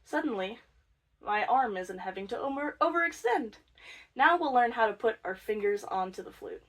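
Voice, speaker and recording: A woman's voice: fairly high pitch, lively intonation, moderate pace. Playful young woman teaching flute. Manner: playful, self-mocking humor while explaining step by step. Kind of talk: casual instructional video.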